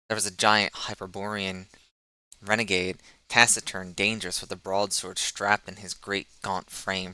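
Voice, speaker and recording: Man, audiobook narrator, steady descriptive reading, gravelly, dry close recording. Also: low-pitched, no room sound, low-quality recording. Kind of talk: scripted narration.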